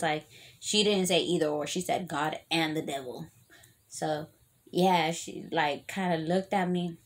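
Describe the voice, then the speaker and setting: A woman telling a long story in a casual eating vlog, animated, swearing freely and full of fillers. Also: sits low, unhurried.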